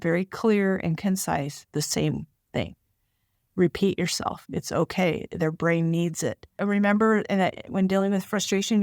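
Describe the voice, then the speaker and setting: A woman's voice: lowish voice, no room sound, studio quality. A middle-aged woman talking casually to parents with advice, often acting out short lines a parent or child might say. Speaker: parenting podcast host and child therapist.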